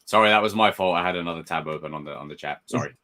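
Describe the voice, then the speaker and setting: A man's voice: deep voice, rapid-fire, bright, forceful tone. A man co-hosting a casual film podcast, giving blunt, profane critique. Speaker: podcast co-host. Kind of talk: casual movie chat.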